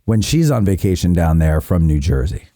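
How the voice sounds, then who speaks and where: Lively, expressive male podcast host. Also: deep voice, moderate pace, no echo, clean studio sound. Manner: lively storyteller, laughs often, does voices. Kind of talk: casual podcast chat.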